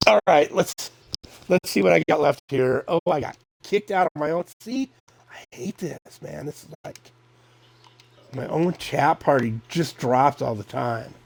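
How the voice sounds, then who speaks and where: Slow-talking middle-aged male streamer. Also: a little high, creaky. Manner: rambling, relaxed, thinking aloud with fillers. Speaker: video game streamer. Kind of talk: casual gameplay chatter.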